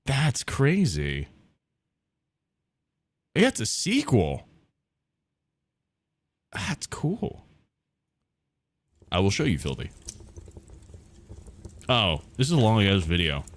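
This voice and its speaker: A man's voice: fairly low pitch, a bit bright, dry recording. A man streaming casual reactions to game trailers, swearing often and exclaiming in surprise. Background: game trailer audio and music.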